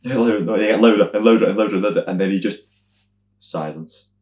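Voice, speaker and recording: A man's voice: fast, echoey room, dull audio. A young Scottish man co-hosting a podcast, telling stories in a casual chat, acting out other people's lines and swearing freely. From Scotland. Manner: animated storyteller, acts out other people's lines in loud high voices, swears freely. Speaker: podcast co-host.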